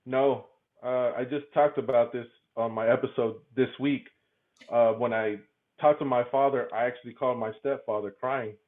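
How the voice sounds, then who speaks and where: A man's voice: medium pitch, fairly even intonation, normal speed. Man, podcast guest, candid talk, frequent laughter, stammering repeats, thin phone-line sound. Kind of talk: candid conversational interview. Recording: tinny phone-like remote line.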